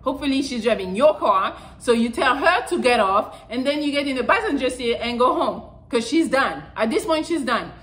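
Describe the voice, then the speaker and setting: A woman's voice: high-pitched, lively intonation, normal speed, hardly any pauses, a bit bright, rough recording. A woman vlogger giving frank, profane dating advice in a loose, rambling way. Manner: blunt and profane, rambling with fillers. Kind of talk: casual talking-to-camera advice.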